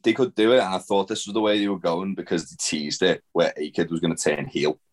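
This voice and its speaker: Male podcast co-host, very low voice, loose and sweary recap delivery. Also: fairly even intonation, a little fast. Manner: rambling, swears casually, many fillers. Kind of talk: casual wrestling review chat.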